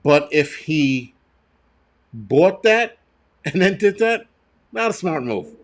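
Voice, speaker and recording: A man rants on a live stream, blunt and foul-mouthed, his voice sitting a little high. He trips over his own words, restarting and repeating himself as he fumes. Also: sing-song, slow. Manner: angry, profane and blunt. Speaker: livestream host.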